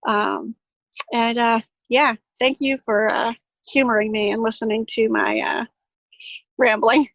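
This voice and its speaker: Woman guest, higher voice, rambling self-deprecating storyteller, dry muffled call audio. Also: flat delivery, unhurried, no room sound. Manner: chatty, self-deprecating, many "like" fillers. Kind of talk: casual personal storytelling. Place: her home greenhouse.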